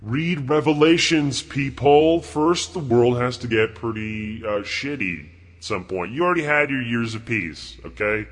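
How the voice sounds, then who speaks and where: A man playing a crude, contemptuous God in a comedy bit, talking in a profane, rambling, mocking way with a husky voice. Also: medium pitch, a little slow, lightly acted. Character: crude arrogant male God, bored and contemptuous.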